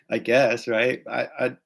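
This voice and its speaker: Californian man, gravelly voice, loose rambling vlog chat, laughs a lot. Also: mid-range voice, monotone, takes it slowly, fairly bright tone. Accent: Californian American. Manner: rambling, laughs often, switches between English and Japanese. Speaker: English-teaching vlogger. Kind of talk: casual chat.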